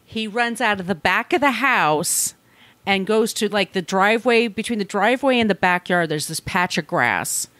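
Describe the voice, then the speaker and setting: A woman's voice: medium pitch, lively intonation, normal speed, a bit bright, no room sound. A woman co-hosting a podcast, telling a true crime story in a blunt, conversational way. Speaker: podcast co-host.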